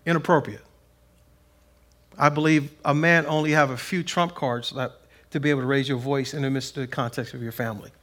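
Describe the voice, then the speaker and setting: A middle-aged pastor preaching a sermon, animated, acting out quotes in a raised voice. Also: male voice, mid-range voice, a little fast.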